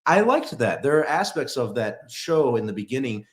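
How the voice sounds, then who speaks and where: A man's voice: mid-range voice, sing-song, normal speed, roomy sound. A man from Texas co-hosting a casual podcast, rambling with many restarts and fillers. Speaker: podcast co-host.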